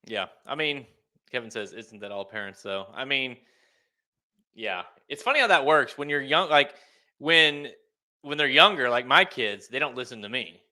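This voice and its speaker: A man's voice: medium pitch, animated, moderate pace, pushed and bright. A man in his thirties co-hosting a podcast, talking loosely and laughing often. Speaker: podcast co-host. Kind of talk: casual chat.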